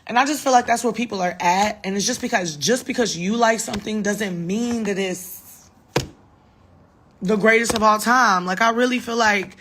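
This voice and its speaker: A tipsy woman in her thirties talks into her phone late at night, rambling and swearing with emphatic punch. Her pitch sits mid-range for a woman, loose and chatty. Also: normal speed, background noise. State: a little drunk. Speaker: singer livestreaming to fans. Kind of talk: casual late-night livestream chat. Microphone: phone livestream.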